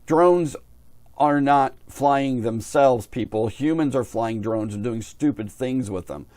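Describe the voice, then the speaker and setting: Taking it slowly, a middle-aged man with a medium-pitched, darkish voice shares a long, casual story on his aviation hobby vlog. He wanders and repeats himself, voicing other people's quotes as himself, on a recording with no echo.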